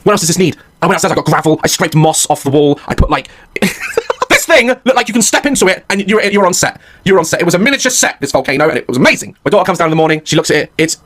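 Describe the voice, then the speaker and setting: Fast, animated man ranting. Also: a little high. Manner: animated, swearing, laughing. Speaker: comedian, podcast host. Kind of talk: comic storytelling rant.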